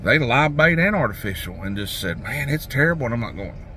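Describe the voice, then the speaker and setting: A man's voice: on the low side, sing-song, a little fast, sharp tone, a little hiss or hum. A man, rambling folksy talk about fishing as a vlogger, outdoors by a lake. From Tennessee. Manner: folksy, rambling, restarts a lot. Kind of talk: casual rambling talk to camera.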